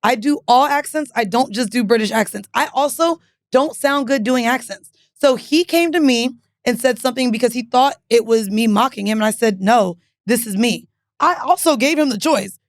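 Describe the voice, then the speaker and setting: A woman co-host chatting casually with her friends. She tells her stories in a candid, animated way. Her voice sits a little high and is recorded close and dry. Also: normal speed, no echo. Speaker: podcast co-host. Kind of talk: casual chat.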